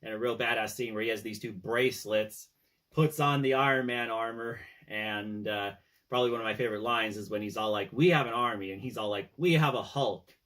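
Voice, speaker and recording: A man's voice: fairly low pitch, steady tone, fairly quick, bright, forceful tone. A man casually chatting about his favorite films as a fan, rambling with fillers and retelling scenes. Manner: rambling, with many fillers and "he's all like" retellings. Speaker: fan film commentator. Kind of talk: casual fan movie discussion.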